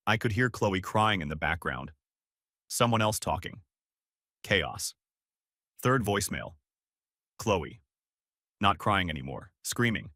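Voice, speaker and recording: A young adult man reading a story in a flat, measured, numb tone. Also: low voice, dry recording, clean studio sound. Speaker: narrator. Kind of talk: scripted story narration.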